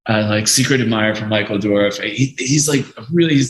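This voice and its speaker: A man and podcast guest telling a story in a casual, animated way, swearing freely and acting out what others said. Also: fairly low pitch, normal speed, slight background noise. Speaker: podcast guest, music lawyer. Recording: echoey room.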